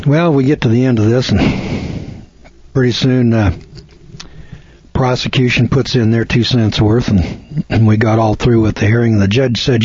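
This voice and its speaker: A folksy seminar speaker, a man who tells his story in plain, emphatic talk. His voice is husky and a little breathy. The sound is dry and dull, like an old lo-fi tape. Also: medium pitch, steady tone, normal speed, a little mellow, no echo. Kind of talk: storytelling lecture. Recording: dull lo-fi recording.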